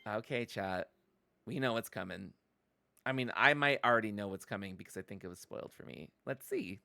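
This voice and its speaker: Excitable woman streamer, bright voice. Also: rumbling low, a little fast, gravelly, no echo. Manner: excitable, laughs often, chatty with viewers. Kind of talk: casual live-stream commentary.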